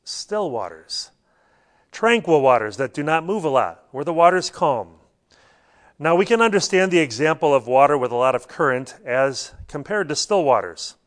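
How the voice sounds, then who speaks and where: A man's voice: fairly high pitch, a bit bright. Conversational man preaching a sermon. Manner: conversational preaching with anecdotes and light laughs. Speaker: pastor.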